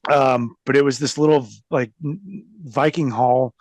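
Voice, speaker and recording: A man's voice: medium pitch, a little slow, dry recording. A man telling stories as an interview guest, rambling, laughing often and mocking things. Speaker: guest, former pro wrestler. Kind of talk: casual interview storytelling.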